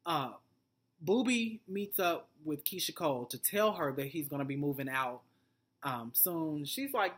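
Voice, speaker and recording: A woman's voice: low voice, expressive, unhurried. A woman vlogger giving a blunt, profane, rambling recap of a TV episode. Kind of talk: casual TV recap commentary.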